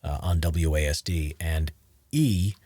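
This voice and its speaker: A very deep, husky man with a Rhode Island accent talks casually through a voiceover editing tutorial, explaining as he goes. The sound is close and dry, with no room around it. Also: measured pace, dry recording. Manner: relaxed, explains while clicking and typing. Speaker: voiceover artist.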